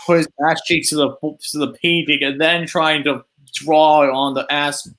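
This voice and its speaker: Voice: medium pitch, flat delivery, unhurried, fairly bright tone. A co-host in a casual movie chat who agrees and adds crude jokes. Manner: agreeing, joking along.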